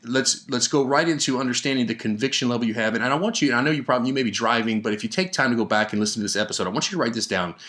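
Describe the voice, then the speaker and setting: Man, podcast host, sales coach, energetic, emphatic, repeats words for stress, mid pitch. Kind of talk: motivational podcast talk. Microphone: studio podcast microphone.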